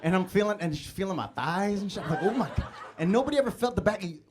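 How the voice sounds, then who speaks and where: Animated young male stand-up comic. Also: high-pitched, very fast, noisy background. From Chicago, US. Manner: animated storytelling with stammered restarts. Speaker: stand-up comedian. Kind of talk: live stand-up comedy set. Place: comedy club stage.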